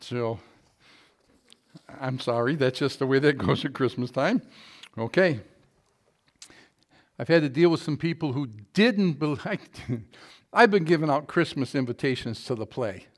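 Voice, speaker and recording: A man's voice: medium pitch, lively intonation, a little slow, long pauses. A man preaching in a church, telling folksy jokes and reading scripture with rising force. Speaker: pastor. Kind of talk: sermon with jokes.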